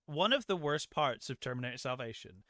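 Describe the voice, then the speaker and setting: A man's voice: mid-range voice, very animated, fairly quick, bright, forceful tone, no room sound, studio quality. A man co-hosting a film review podcast, rambling and sarcastic, swearing freely in casual chat. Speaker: podcast co-host.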